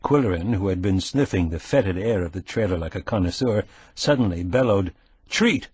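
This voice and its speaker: A man narrating a cozy mystery audiobook in an even, measured storytelling way. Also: sits low, slightly rough, no echo.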